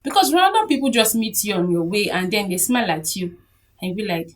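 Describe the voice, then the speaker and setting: A young Nigerian woman chats to her camera, lively and quick to laugh. Her voice sits a little way off the mic. The pitch is middling for a woman. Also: recorded from a distance. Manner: chatty, animated, laughs often. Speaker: vlogger. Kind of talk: casual talk to camera.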